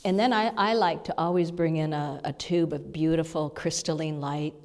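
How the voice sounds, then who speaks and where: Low-voiced woman minister in reverberant hall. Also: steady tone. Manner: soft, halting storytelling with breathy asides and laughs. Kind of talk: conversational sermon lesson. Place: church hall, seated before the congregation. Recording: long reverb of a large hall.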